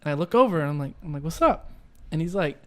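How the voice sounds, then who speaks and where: A man's voice: on the high side, animated, very fast, darkish tone. A young man telling a story in a casual podcast chat, rambling with lots of fillers and asides. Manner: rambling, lots of "like" and "right?", laughs while telling. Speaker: podcast co-host.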